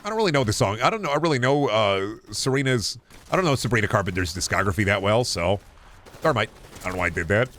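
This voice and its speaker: A man with a slightly low voice chats loosely with his viewers while playing a video game. He rambles, restarts his sentences and drops casual swears into his jokes. His tone is relaxed and offhand. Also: fast talker. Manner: answers chat questions while playing. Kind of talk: casual rambling stream chat.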